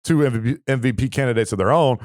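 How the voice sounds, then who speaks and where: A man's voice: mid-range voice, fast, a little mellow, no echo, studio quality. A man co-hosting a sports podcast in loose, jokey casual chat, swearing now and then. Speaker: podcast co-host.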